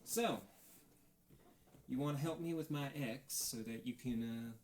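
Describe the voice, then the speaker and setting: Man putting on a gruff female elf scrapyard mechanic, blunt and wary, slow delivery. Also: mid-range voice, a little mellow, a little hiss or hum, pitched above the performer's own voice, lightly acted. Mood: curt. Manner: curt and suspicious. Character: tough female elf mechanic, suspicious and brusque.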